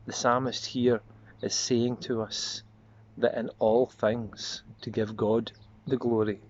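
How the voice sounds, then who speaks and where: A man preaching a short devotional sermon as a pastor, earnest and reflective, slowing and softening on repeated prayer refrains. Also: medium pitch, flat delivery. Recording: slightly dull lo-fi audio with faint noise.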